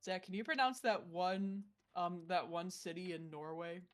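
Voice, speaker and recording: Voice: mid-range voice, steady tone, normal speed. A game master in an everyday, mid-range voice, chatting casually with the players. The talk is playful and teasing, with laughs breaking in often. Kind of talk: casual chat between players.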